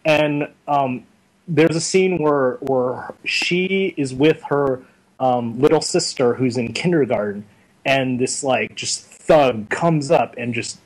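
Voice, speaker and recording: A young man being interviewed, chatting casually and telling stories in a rambling, animated way full of fillers. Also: medium pitch, takes it slowly, low-quality recording. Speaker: interview guest. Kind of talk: casual chat.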